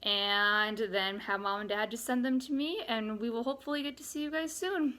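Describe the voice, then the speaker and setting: A woman's voice: a little high, pushed and bright. A woman, a young adult teacher explaining vocabulary and spelling patiently to young students in a remote lesson. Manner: patient, explains slowly with examples. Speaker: third grade teacher.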